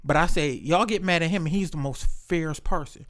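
A man's voice: on the high side, fairly quick, fairly bright tone. A man in casual chat, telling stories in a loose, profane way and acting out the voices of other people.

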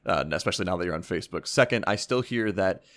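Male podcast host, deep voice, dry close sound, wry and joking. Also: a bit bright, dry recording. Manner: wry, joking, talks in long quick runs. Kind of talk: casual podcast interview.

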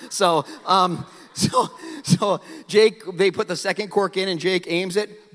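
A middle-aged man from South Dakota preaching a storytelling sermon, animated and self-mocking, acting out his own past lines. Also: high voice, normal speed. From South Dakota, USA. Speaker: pastor. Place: large church auditorium. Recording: hall reverb.

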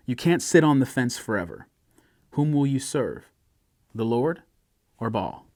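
A man's voice: mid-range voice, big pitch swings, a little slow, a little mellow, no room sound. Preacher man with a dry close sound. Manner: reads scripture aloud with rising emphasis, then explains conversationally; acts out sarcastic and pleading voices in quotes. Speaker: pastor. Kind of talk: sermon.

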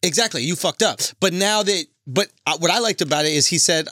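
High-voiced joking man co-hosting a podcast. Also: pushed and bright, dry recording, studio quality. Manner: joking, quick banter. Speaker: podcast co-host. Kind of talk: casual podcast chat.

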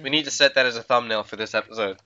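A man's voice: medium pitch, rapid-fire, pushed and bright, slight background noise. A young man co-hosting a casual podcast, teasing his friends and laughing in playful mock outrage. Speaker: podcast co-host. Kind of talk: casual chat among friends over a call. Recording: lo-fi online call audio.

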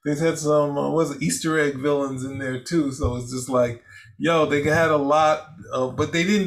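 Guy with a gravelly voice chatting about a movie, rambles, keeps restarting, laughs a lot. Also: a little high, a bit bright. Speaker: co-host. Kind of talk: casual film review chat.

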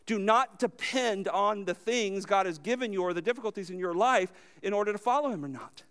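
A high-pitched man delivers a sermon with real emphasis. He poses questions to the congregation and answers them himself, his voice leaping up loud and then sinking low and soft. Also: lively intonation, brisk, hardly any pauses. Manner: emphatic, swinging between loud high lines and low quiet ones. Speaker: pastor.

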